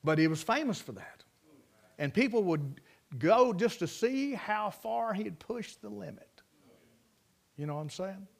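A preacher man with a high voice, telling stories in a folksy, rambling way from the pulpit. He talks plainly and drifts between anecdote and scripture. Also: animated, a little slow, creaky, long pauses. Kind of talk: sermon with storytelling.

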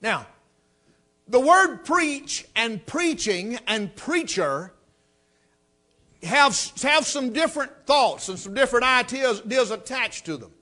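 Man, preacher, folksy sermon storytelling, high voice, bright ringing tone. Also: sing-song, slow pace. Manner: folksy storytelling, rising to emphatic exhortation.

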